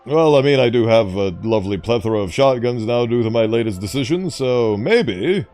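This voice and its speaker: A man's voice: mid-range voice, lively intonation, moderate pace, a little mellow, soft background music. A man giving casual gameplay commentary with theatrical, mock-grand asides. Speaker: gaming YouTuber.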